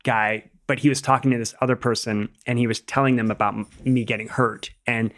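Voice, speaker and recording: Animated middle-aged man telling stories. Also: medium pitch, a little fast. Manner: animated, acts out quoted dialogue, laughs often. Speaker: podcast guest, rock climber. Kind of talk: casual storytelling chat.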